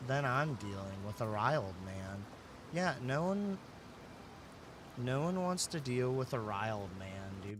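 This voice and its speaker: Over a noisy background, a male streamer livestreams a game and rambles casually, swearing a lot and saying "dude" constantly. His voice sits in the mid range.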